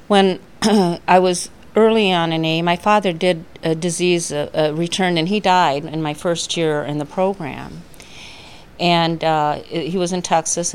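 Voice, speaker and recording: A woman's voice: fairly low pitch, smooth. Heartfelt woman telling her recovery story. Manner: heartfelt, storytelling, laughs often. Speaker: AA speaker. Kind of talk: recovery talk at a meeting.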